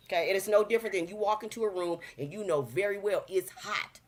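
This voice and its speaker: Woman in her 50s, lower voice, talks slangy and preachy, keeps acting out quotes. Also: fairly quick. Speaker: talk show guest. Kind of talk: casual chat.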